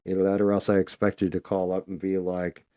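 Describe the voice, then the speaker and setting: A man hosts a casual live stream, talking loosely and cursing freely as he paints. His voice sits on the low side with a mellow, relaxed tone. The sound is dry and close. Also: brisk, clear, resonant tone, no room sound. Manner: loose, chatty, swears freely. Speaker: livestream host.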